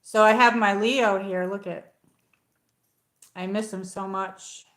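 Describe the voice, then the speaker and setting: A woman's voice: medium pitch, steady tone, takes it slowly, pauses often, fairly bright tone. A woman hosting a casual livestream from home, telling a story with lots of fillers and restarts. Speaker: livestream host. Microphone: tablet. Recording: echoey room.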